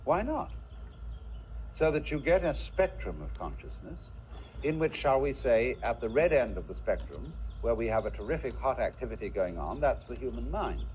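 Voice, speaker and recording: Musing man lecturing, lively pitch. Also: normal speed, slight background noise. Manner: musing, rhetorical, asks the listener questions. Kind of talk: philosophical lecture. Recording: dull lo-fi archival lecture recording.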